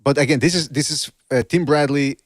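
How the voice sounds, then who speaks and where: Podcast host, male, excitable rhetorical style, dry mic. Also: fairly high pitch, brisk, no room sound. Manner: animated, repeats himself, rhetorical questions. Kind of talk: casual boxing podcast banter.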